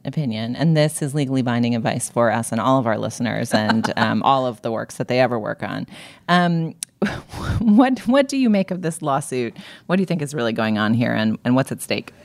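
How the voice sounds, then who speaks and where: A woman hosting a culture podcast, talking in a wry, articulate way with frequent filler pauses. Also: sits low, a little mellow. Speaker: podcast host.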